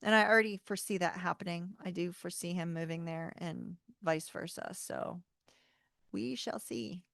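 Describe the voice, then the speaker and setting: A woman's voice: lowish voice, moderate pace, vocal fry, a bit bright, dry recording, studio quality. A woman hosting a tarot channel livestream, chatting casually with viewers, laughing often and saying y'all. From North Carolina, US.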